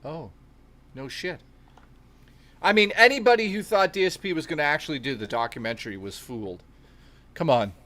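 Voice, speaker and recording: A man's voice: fairly high pitch, expressive, normal speed, pauses often, pushed and bright. A man co-hosting a live stream, reading donation messages with wry, mocking banter.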